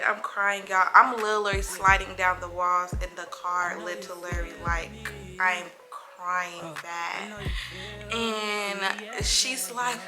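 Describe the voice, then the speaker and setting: A young woman vlogger telling a personal story in a casual, animated way, acting out what people said. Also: medium pitch, takes it slowly, faint music behind, low-quality recording. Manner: animated, dramatic retelling that acts out quoted voices.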